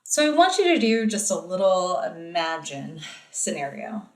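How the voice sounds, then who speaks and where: A woman's voice: lowish voice, very animated, measured pace, reverberant, far from the mic, rough recording. A woman giving a recorded lecture in a casual, explanatory way with frequent ums and uhs.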